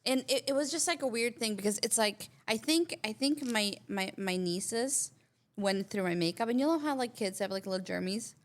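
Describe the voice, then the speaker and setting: A woman's voice: on the high side, animated, moderate pace. Chatty woman podcast co-host. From southern Albania. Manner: rambling storyteller who acts out quotes. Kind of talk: casual chat.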